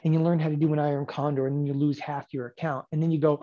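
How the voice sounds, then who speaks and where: A man in his forties teaching options trading in a lecture, emphatic and sarcastic, with animated bursts. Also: fairly high pitch, fast, lo-fi sound. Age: 40s.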